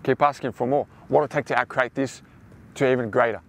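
A man's voice: medium pitch, steady tone, a little fast, vocal fry, fairly bright tone. A young man hosting a motivational self-help talk, rambling and repeating himself as he addresses listeners as his friends. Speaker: host.

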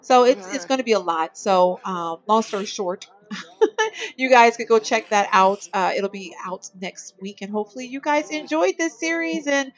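A woman's voice: on the high side, lively intonation, moderate pace, muffled recording. A young woman chatting casually as she plays a life-simulation game, laughing often and playfully voicing the characters. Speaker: let's-play host. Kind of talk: casual gameplay commentary.

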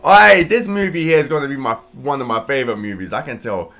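A man from London with a London accent, reacting casually to a trailer as host and bursting into whoops and shouts. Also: mid-range voice, fast, gravelly. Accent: London English. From London, England. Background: trailer music playing faintly.

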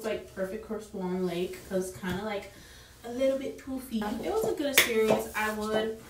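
A woman's voice: mid-range voice, echoey room, distant mic, background noise. A young woman talking casually to her camera at home, rambling with lots of fillers about her evening out. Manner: rambling, filler-heavy, chatty. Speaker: vlogger. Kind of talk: casual vlog chat to camera.

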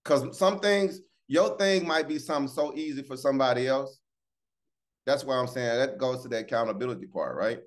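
A man hosting a casual morning devotional on a video call, lively and preachy, calling out to listeners by name. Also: medium pitch, moderate pace. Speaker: morning show host.

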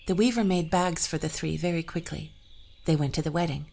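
A woman narrating an old folktale and adding her own commentary, in a measured, even way. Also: sits low, creaky. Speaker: storyteller and podcast host.

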